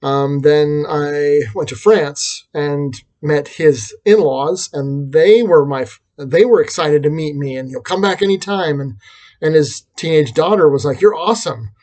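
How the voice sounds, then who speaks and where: A vlogger and teacher rambles through a reflective personal vlog, self-deprecating and restarting often. His voice is a little high and darkish in tone, and he speaks a little slowly.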